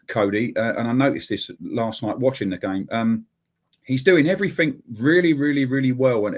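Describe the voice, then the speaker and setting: A man's voice: medium pitch, husky. A man co-hosting a football podcast, talking emphatically and repeating his points in casual chat. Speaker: podcast co-host.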